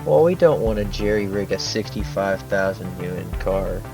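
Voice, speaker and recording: A man's voice: low voice, animated, normal speed, over music, low-quality recording. A man playing a tabletop game, making dry, joking asides. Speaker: player. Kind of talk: casual tabletop play.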